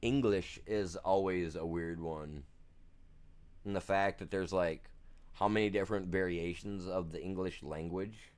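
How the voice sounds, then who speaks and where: A man's voice: low voice, steady tone, a little slow, a little mellow, clear, resonant tone. A man streaming a farming game, chatting casually in a laid-back, rambling, slangy way. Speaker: gaming streamer. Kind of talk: casual chat while gaming.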